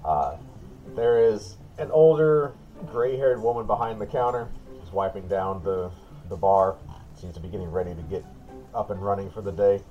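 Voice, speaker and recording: A man's voice: on the low side, normal speed, narrow, tinny audio, soft background music. A man narrating as game master in a loose, chatty way, full of casual asides. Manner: loose and chatty, lots of "like" and "kinda".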